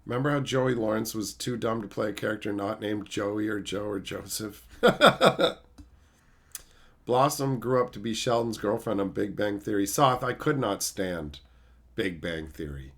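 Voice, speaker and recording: A man's voice: on the low side, a little slow. A man streaming casually, reading chat aloud and ranting with a lot of profanity.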